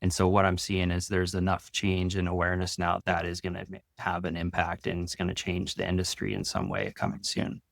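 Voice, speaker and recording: A man talking loosely with many fillers about spiritual insights, then guiding a slow, soft meditation with long pauses. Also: low-pitched, vocal fry, no echo, clean studio sound. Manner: rambling, loose casual talk with many "like" fillers. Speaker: spiritual teacher leading a guided meditation. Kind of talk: channeled energy update and guided meditation.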